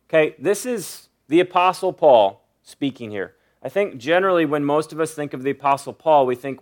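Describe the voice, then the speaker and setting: A middle-aged man preaching a sermon, with a voice a little higher than most men. He talks earnestly and reads scripture slowly, leaning on each line. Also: animated. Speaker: pastor.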